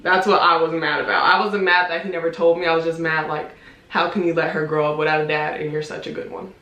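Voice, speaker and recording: A woman's voice: deep voice, little pitch movement, fast, fairly bright tone. A young woman vlogger telling a family story in casual chat, acting out quotes and laughing often. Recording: echoey room.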